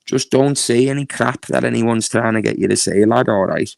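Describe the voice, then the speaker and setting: Gravelly-voiced Northern English man streaming. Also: mid-range voice, normal speed, dry recording. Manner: chatty, laughs often, reads chat aloud. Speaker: YouTube streamer. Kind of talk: casual live-stream chat.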